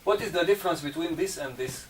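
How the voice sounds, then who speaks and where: Male teacher, slow and patient, heard from a distance over faint background hum. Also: on the high side. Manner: slow and patient, checking understanding with "okay?" and "right?". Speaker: Arabic teacher. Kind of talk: classroom lesson on Arabic letters. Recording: distant mic, faint room noise.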